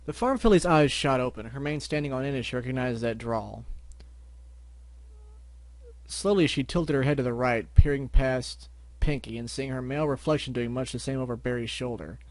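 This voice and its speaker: A man's voice: mid-range voice, moderate pace, no echo. Man reading a story, dry close mic. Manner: slips and restarts, wry asides. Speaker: story reader. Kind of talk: fan fiction reading with asides.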